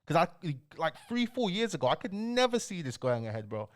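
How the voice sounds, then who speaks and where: Young man, casual rant to camera, slangy and animated, voice a touch higher than usual. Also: a little fast. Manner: animated, ranting, fills lines with "bro" and "bruv". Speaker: commentary channel host.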